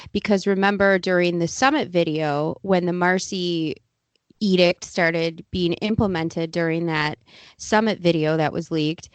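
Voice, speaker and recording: Low-voiced woman co-host, dry sound. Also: dry recording. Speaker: podcast co-host. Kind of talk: casual podcast discussion.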